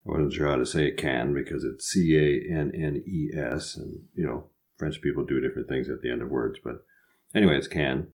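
A man's voice: extremely low pitch, normal speed, darkish tone. An older man with a Midwestern American accent, co-hosting a podcast and telling stories in a teasing, theatrical way. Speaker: podcast co-host. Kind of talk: casual comic chat and storytelling.

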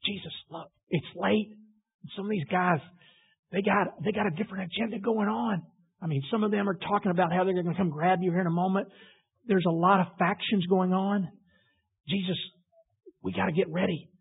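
A man acting out an anxious, excitable male disciple who talks urgently and pleads. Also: sits high, a little fast, creaky, slightly rough, pitched above the performer's own voice, exaggerated voice. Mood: anxious pleading. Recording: tinny phone-like audio.

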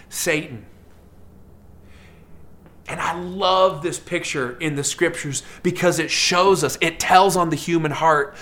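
Male pastor, sermon, bright tone, conversational, acts out characters, fast asides. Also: fairly high pitch. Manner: fast, conversational preaching with many fillers.

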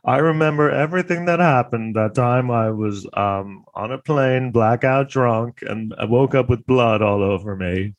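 A man's voice: medium pitch, measured pace, hardly any pauses, dry recording, voice pushed up, close to an everyday voice. A man doing a mock impression of a rambling, vaguely British middle-aged male movie star who drawls through his answers. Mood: defensive.

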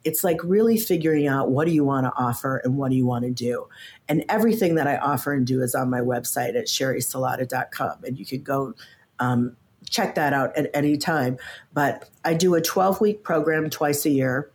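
A woman in her fifties, a guest on a podcast interview, talking in an animated, casual way, often stumbling on the first words of a sentence. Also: rumbling low, a little fast. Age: 50s. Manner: animated, stammers at starts, acts out quoted voices. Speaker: podcast guest, coach and author.

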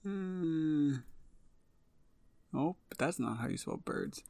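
A podcast co-host in casual chat, playful and quick to laugh. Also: mid-range voice, expressive, creaky, dark tone, dry recording.

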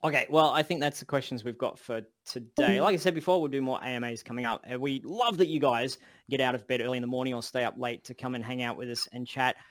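A man's voice: mid-range voice, fast talker, few pauses, no echo. A man with an Australian accent, co-hosting a casual livestream Q&A in a chatty, jokey, upbeat way. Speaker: co-host.

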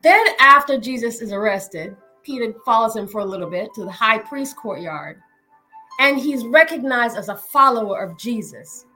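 A woman's voice: on the high side, lively intonation, normal speed, bright, forceful tone, faint music behind, poor audio. A woman hosting a podcast, teaching scripture in a casual, chatty way, often laughing and checking in with listeners. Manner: chatty, laughs often, keeps asking "right?". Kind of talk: informal Bible teaching. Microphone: screen-sharing from a computer.

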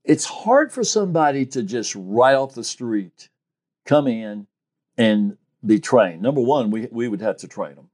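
A man's voice: on the low side, unhurried. A man who works as a private investigator, telling stories in an interview and acting out the quotes with life. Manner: animated storyteller, acts out quotes. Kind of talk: interview storytelling.

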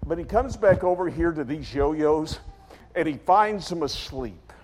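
A man preaching a sermon as dramatic storytelling, acting out scenes in character voices and swinging from shouts to quiet. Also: a little high, animated, unhurried, slight background noise. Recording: long hall reverb.

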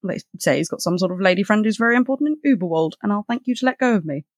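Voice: mid-range voice, expressive, very fast, no room sound, clean studio sound, pitched above the performer's own voice, close to an everyday voice. A podcaster reading aloud as a flustered, defensive middle-aged man who answers in a huffy tone.

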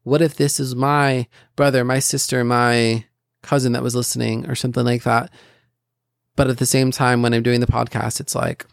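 A man's voice: medium pitch, fairly even intonation, fairly quick, vocal fry, dry recording, studio quality. A man hosting a casual Christian podcast, talking earnestly in a rambling way with restarts and asides. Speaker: podcast host.

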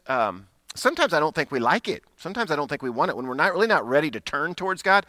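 A middle-aged pastor with a bright, forward voice, pitched a little high for a man. He preaches in an easy, storytelling way and laughs at himself. The sound is close and dry. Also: no room sound. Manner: conversational storytelling, self-deprecating, frequent restarts. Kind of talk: sermon with personal story.

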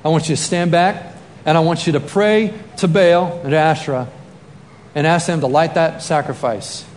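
Male preacher, high voice, animated storytelling, long hall reverb, faint room ambience. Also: normal speed, a little hiss or hum. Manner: animated, acts out scenes with shouts and sound effects. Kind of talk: sermon storytelling.

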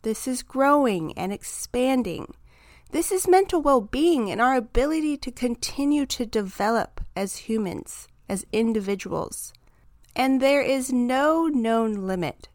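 A woman hosting a self-help podcast, talking through her ideas in a calm, reflective, encouraging monologue. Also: a little high, a little slow, no room sound, clean studio sound. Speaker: podcast host.

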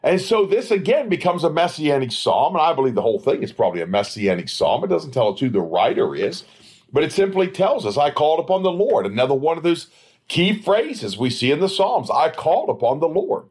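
A man's voice: on the high side, big pitch swings, a little fast, darkish tone, husky. A man preaching a Bible study in a sermon style, asking rhetorical questions and answering them himself. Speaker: preacher, former evangelist.

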